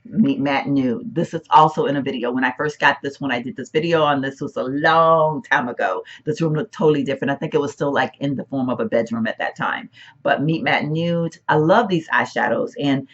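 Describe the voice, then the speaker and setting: Hoarse chatty woman beauty vlogger. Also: very deep voice, a little fast, lo-fi sound. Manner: rambling, chatty, self-interrupting. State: hoarse, voice cracking. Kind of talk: casual makeup chat. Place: room at home, once a bedroom.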